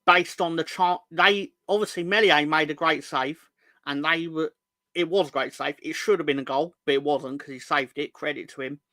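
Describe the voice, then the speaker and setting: A man's voice: on the high side, steady tone, normal speed, pushed and bright, no room sound. A young man hosting a fan channel live stream, bantering with the chat in a rambling, jokey, sweary way.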